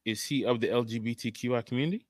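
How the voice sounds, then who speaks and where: A man's voice: mid-range voice, very fast, no echo. A middle-aged man, co-hosting a podcast in a playful, joking manner. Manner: joking, playful, slips into voices for bits. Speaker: podcast co-host. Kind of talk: casual chat.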